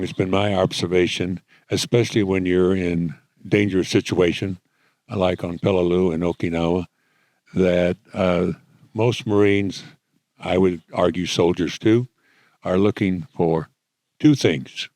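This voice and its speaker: An older man, a retired military officer, interviewing a guest on stage in a measured, plain-spoken way. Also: low-pitched, darkish tone, no echo. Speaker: interviewer, retired Marine general. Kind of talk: fireside chat on stage. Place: conference stage.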